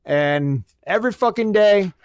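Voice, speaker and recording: A foul-mouthed man riffs sarcastically through a comedic rant. His voice is smooth and sits a bit high. The recording is dry and close, with no room sound. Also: expressive, measured pace, no room sound. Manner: crude, sarcastic, swears constantly. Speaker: podcast host.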